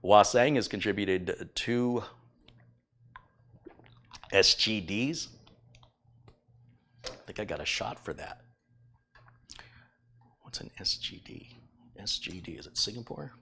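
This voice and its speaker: A man's voice: on the low side, lively intonation, takes it slowly, long pauses, fairly bright tone, breathy edge. A middle-aged man chatting casually on a live tech stream, rambling and self-deprecating as he thanks viewers. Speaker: tech YouTuber reading donations.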